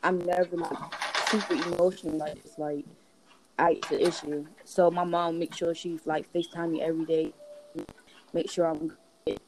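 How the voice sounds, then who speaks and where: A woman's voice: low voice, flat delivery, moderate pace. A woman in a casual chat, speaking hesitantly with many fillers as she searches for words. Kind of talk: casual chat among moms. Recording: background noise.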